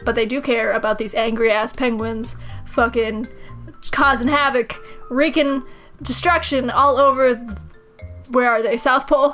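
High-voiced sarcastic woman gamer. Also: unhurried, faint music behind. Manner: animated and sarcastic, swings into high squeals and swearing. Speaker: gaming commentator. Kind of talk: let's play commentary.

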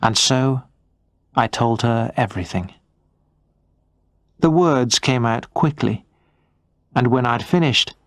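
A man narrating a first-person story for English learners in a slow, clear, measured reading. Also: mid-range voice, dry recording.

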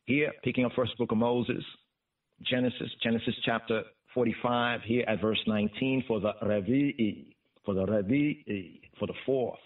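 Guy reading scripture slow on a call-in phone line, mic kinda far off, says I for me and you. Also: mid-range voice, fairly even intonation. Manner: reads each phrase in Hebrew then English, repeating words; uses Rastafari "I" speech in place of "me" and "you". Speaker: scripture reader and podcast host.

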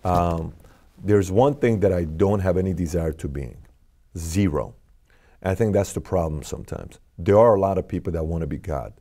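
A man's voice: low voice, normal speed, mellow. A middle-aged man, a podcast guest, telling a personal story in an earnest, questioning way.

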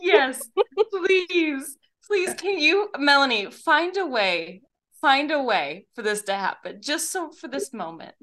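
A woman's voice: high voice, animated, takes it slowly, fairly bright tone. A woman chatting casually as a podcast guest, playful, laughing easily and swearing casually. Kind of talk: casual chat.

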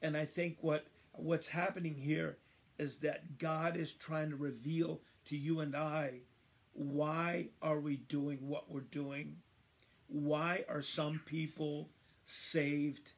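Guy running a bible study stream, kinda high voice, slow emphatic reading, repeats stuff. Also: little pitch movement, gravelly. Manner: addresses viewers by name, conversational asides. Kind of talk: livestreamed Bible study teaching.

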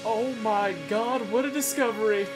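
An excitable let's-play commentator who keeps up a joking running banter with the viewer and yelps and curses at every jump scare. The voice sits at an ordinary middle pitch, with game music playing clearly underneath throughout. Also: normal speed. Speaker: gameplay commentator.

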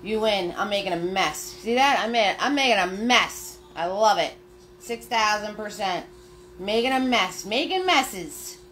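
A woman's voice: medium pitch, lively intonation, measured pace, fairly bright tone, a little hiss or hum. A woman leading a live-streamed painting class, chatty and upbeat as she talks viewers through each step. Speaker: paint party instructor.

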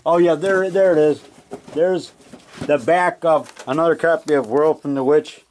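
A man's voice: on the high side, steady tone, normal speed, a little mellow, slight background noise. Rambling man touring his basement. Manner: rambling, self-correcting, chuckling. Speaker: filmmaker and vlogger. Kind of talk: rambling casual show-and-tell. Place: home basement. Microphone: handheld camcorder mic.

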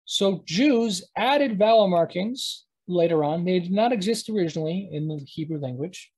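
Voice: medium pitch, a little mellow, poor audio. A teacher giving a live online lesson, talking at a computer mic while screen-sharing and often stopping to correct themselves. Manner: halting, self-correcting, thinks aloud.

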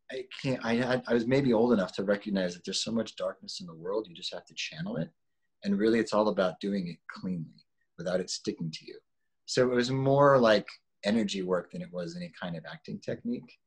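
A man in his forties, an actor being interviewed, talking in a relaxed, rambling way with restarts and laughs. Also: on the low side, slightly rough. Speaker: actor guest. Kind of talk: casual interview chat.

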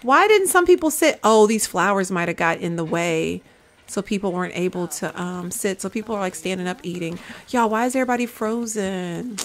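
A woman's voice: on the low side, fairly even intonation, a little fast. Chatty woman narrating her gameplay. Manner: chatty, coaxes and scolds her game characters, says "y'all". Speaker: gaming video creator. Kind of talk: casual gameplay commentary.

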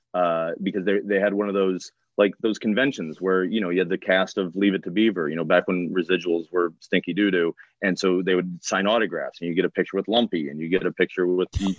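A man's voice: low voice, no room sound, dull audio. A man guesting on a talk podcast, telling long anecdotes in a stop-start way with many restarts.

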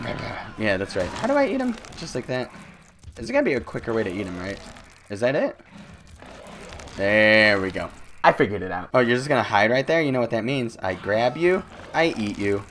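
A young man doing loud, joking let's-play commentary, his voice swinging high and low as he plays. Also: background noise. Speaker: gaming YouTuber.

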